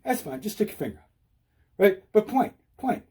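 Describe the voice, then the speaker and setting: A man giving an animated, repetitive how-to talk while riding outdoors, out of breath. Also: high voice, moderate pace, breathy edge. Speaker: e-bike vlogger. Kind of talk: casual instructional talk.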